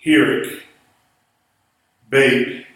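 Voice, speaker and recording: Man teaching slow n patient, sounds far from the mic in a big echoey room. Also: fairly bright tone. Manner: patient, spells words out slowly. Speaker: Hebrew teacher. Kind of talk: classroom lesson.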